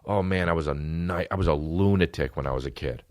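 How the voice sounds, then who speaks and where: A man's voice: very deep voice, fairly quick, no room sound, studio quality. A man hosting a podcast, telling rambling, profane childhood stories in a casual comedic monologue. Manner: rambling, profane, animated storytelling. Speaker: podcast host.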